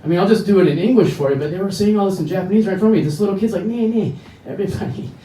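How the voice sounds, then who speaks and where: This American comedian has a warm voice that sits high. On a bar stage he delivers a stand-up set of crude, meandering stories, switching voices rapidly, captured by a distant mic in the echoey room.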